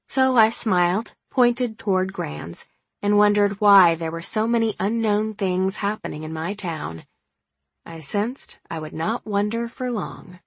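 A woman narrating a first-person novel aloud, in a measured, wry reading voice. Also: medium pitch, slightly rough, dry recording. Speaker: audiobook narrator.

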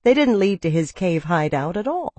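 A woman narrating a novel in a measured, even storytelling manner, close to the mic. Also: on the low side, no echo. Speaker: audiobook narrator. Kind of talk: scripted narration.

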